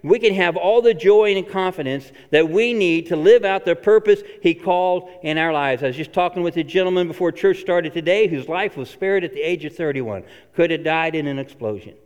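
A pastor preaching a sermon in a church, earnest and emphatic, repeating phrases for stress. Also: male voice, fairly high pitch, a little fast, hardly any pauses, a little mellow, smooth. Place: church sanctuary. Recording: long reverb of a church hall.

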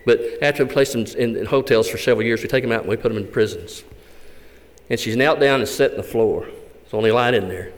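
A man, a visiting Gideon speaker giving a fervent testimony sermon in a church. He tells the story with big swings between loud and hushed. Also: medium pitch, fast talker. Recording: echoey hall.

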